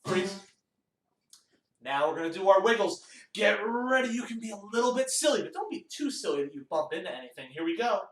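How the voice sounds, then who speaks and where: Male music teacher for kids, slow sing-song delivery, lively pitch, echoey room heard a bit off mic. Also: slight background noise. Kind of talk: children's music lesson.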